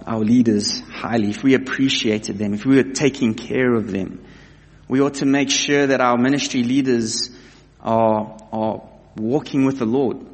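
A man preaching a sermon to his congregation, earnest and emphatic, often repeating key phrases and addressing the listeners as "guys". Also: mid-range voice. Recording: reverberant hall.

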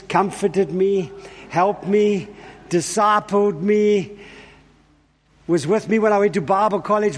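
Joking guest preacher with a mixed accent. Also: male voice, high voice. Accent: mixed South African and Australian. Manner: relaxed, joking, with frequent fillers and restarts. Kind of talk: sermon with casual asides. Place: church sanctuary. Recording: long reverb of a church hall.

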